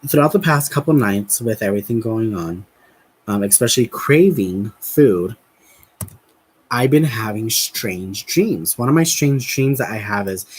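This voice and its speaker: A man's voice: medium pitch, breathy edge, poor audio. Giggly rambling man vlogging. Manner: chatty and giggly, with many fillers and restarts. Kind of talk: casual rambling storytelling. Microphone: camera mic while crafting.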